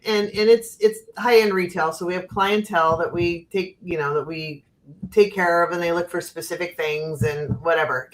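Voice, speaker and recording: Middle-aged American woman host, blunt, animated storyteller who laughs often, casual livestream chat over a video call. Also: lowish voice. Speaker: channel host.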